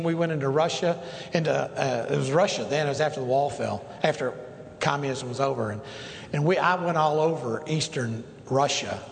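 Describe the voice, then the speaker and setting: Middle-aged male preacher, folksy and rambling, slightly high voice, sermon in a reverberant sanctuary. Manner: folksy, rambling with many restarts and asides. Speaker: pastor. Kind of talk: sermon storytelling. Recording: echoey hall with long reverb, faint noise.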